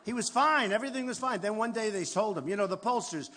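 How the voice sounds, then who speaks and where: A man's voice: sits high, fast, bright, forceful tone. An older man with a New York accent giving a rambling, boastful campaign speech to a large crowd in a hall. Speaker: political candidate at a rally. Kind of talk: rally speech. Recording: roomy hall reverb, faint crowd noise.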